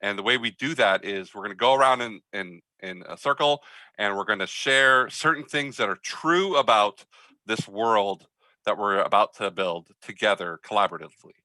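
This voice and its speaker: Male game master, bright tone, dry mic, hesitant filler-heavy delivery. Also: lowish voice, no room sound, rough recording. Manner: halting, many fillers, friendly. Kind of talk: running an online tabletop game.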